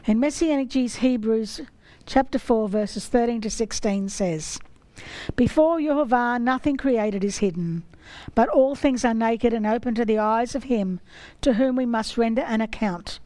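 A woman giving a sermon, reading scripture in a slow, measured way. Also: fairly high pitch, mellow, no room sound, poor audio. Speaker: teacher of scripture.

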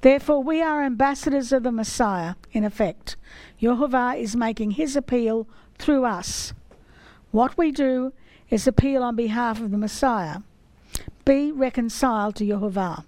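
A woman giving a sermon, reading scripture in a slow, measured way. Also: fairly high pitch, a little mellow, dry recording, poor audio. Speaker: teacher of scripture.

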